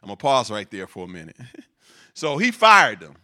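A man preaching a sermon, reading scripture and breaking into animated, laughing asides with repeated words for emphasis. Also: mid-range voice, normal speed.

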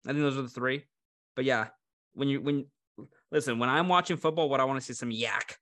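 A man's voice: mid-range voice, a little fast, pushed and bright. A man co-hosting a casual sports betting chat, opinionated and sarcastic as he makes his football picks. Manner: puts on a mock Cleveland accent at times. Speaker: podcast co-host making football picks.

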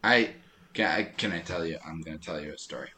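A man co-hosting a podcast in casual chat, telling animated stories and laughing often. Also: deep voice, quick pace. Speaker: podcast co-host.

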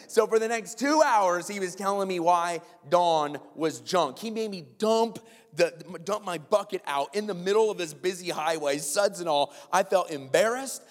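A man preaching a sermon, telling a long personal story with lively quoted voices and asides to listeners. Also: high voice, moderate pace. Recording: long hall reverb.

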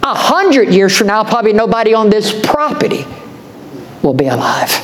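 A man's voice: sits high, sing-song, normal speed, fairly bright tone, rough recording. A man preaching a sermon as pastor, impassioned, folksy and repetitive.

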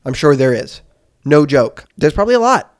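A man co-hosting a casual comedy podcast, goofing around with excitable, mock-angry banter. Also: a little high, moderate pace. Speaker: podcast co-host.

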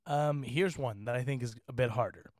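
A man's voice: mid-range voice, moderate pace, a little mellow, no echo, clean studio sound. A man from California co-hosting a podcast, chatting casually, acting out imagined dialogue, swearing and laughing often. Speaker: podcast co-host. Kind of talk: casual chat.

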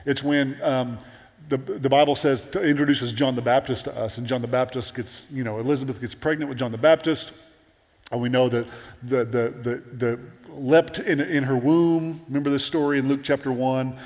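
A man preaching a sermon in an animated, conversational way with playful asides. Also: medium pitch, moderate pace, in a large hall.

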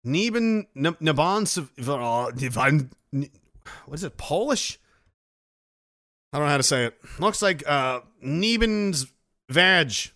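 Profane, rambling, bright-voiced male host. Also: a little high, expressive, measured pace, long pauses, dry recording, studio quality. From Nova Scotia, Canada. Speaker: livestream host. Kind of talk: casual livestream chat reading viewer messages.

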